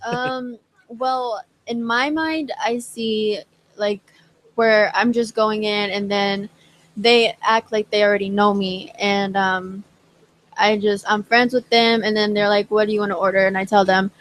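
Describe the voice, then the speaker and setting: A woman's voice: mid-range voice, fairly even intonation, takes it slowly, low-quality recording. A young woman singer answering interview questions hesitantly, with many fillers. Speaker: singer guest.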